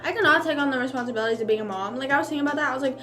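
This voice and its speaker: A young female streamer chatters through a relaxed mukbang, packed with fillers and speaking between mouthfuls at a very fast clip. Her pitch is slightly high for a woman, and soft music plays quietly in the background.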